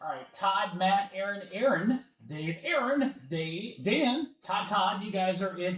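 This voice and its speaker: A chatty man with a fairly high voice runs a live card break, rattling off names and teams in a casual patter. His voice bounces around an echoey room, with faint music playing underneath. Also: expressive, measured pace, hardly any pauses, fairly bright tone. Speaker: sports card break host. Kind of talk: casual livestream chat. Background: faint background music.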